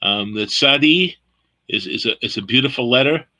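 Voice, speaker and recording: A man's voice: mid-range voice, normal speed, sharp tone, poor audio. A man hosting an online Bible study, inviting questions in a hesitant way and repeating words as he goes.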